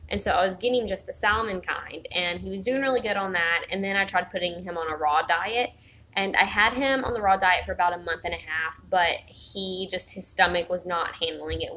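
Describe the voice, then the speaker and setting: A woman's voice: fairly low pitch, a little fast, a bit bright. Woman, rambling casual vlog chat, lots of ums, echoey home room, faint hum behind. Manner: rambling, many fillers and restarts. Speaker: vlogger. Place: home, indoors. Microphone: phone camera.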